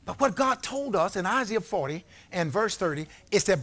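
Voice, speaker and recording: A man preaching a sermon in a church, leading call-and-response and swinging from low talk to shouted peaks. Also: expressive, moderate pace. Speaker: pastor. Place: church sanctuary before a congregation. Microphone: live-streamed service mic.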